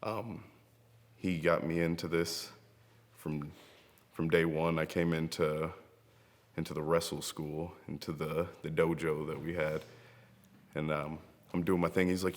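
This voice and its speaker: Young man, grieving, very low voice, rambling heartfelt tribute, long room reverb. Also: little pitch movement, measured pace, long pauses. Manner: heartfelt, rambling storytelling with frequent laughs. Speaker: professional wrestler. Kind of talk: spoken tribute to a late friend. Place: seated in front of a camera, indoors. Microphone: camera mic.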